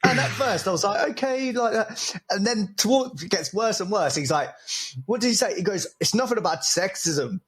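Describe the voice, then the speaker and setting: A man's voice: high voice, expressive, moderate pace, a bit bright. A man co-hosting a podcast in casual chat, retelling things with laughter. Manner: laughing, storytelling. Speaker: podcast co-host.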